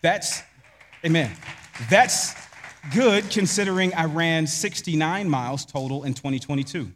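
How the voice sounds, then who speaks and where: Brief: male pastor, high voice, emphatic sermon delivery, rhetorical questions, long hall reverb. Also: a little slow, fairly bright tone, a little hiss or hum.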